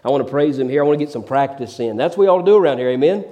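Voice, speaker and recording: A middle-aged male pastor preaching a sermon, telling stories in a folksy, animated preachy manner and repeating words as he builds. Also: medium pitch, very fast. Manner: preachy storytelling, repeats words when excited.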